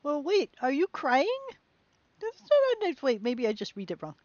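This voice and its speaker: A woman's voice: sits high, fairly quick, no room sound, muffled recording. Chatty woman narrating a horror game. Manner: chatty, musing, with bursts of excitement. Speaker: game streamer. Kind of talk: let's play commentary.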